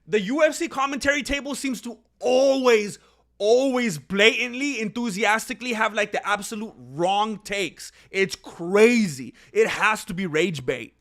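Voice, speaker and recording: A man's voice: sits high, measured pace. A young man giving casual live reaction commentary on a fight, opinionated and talking straight to his viewers. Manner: opinionated, talks to viewers, gets loud when excited. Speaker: fight watch-along commentator.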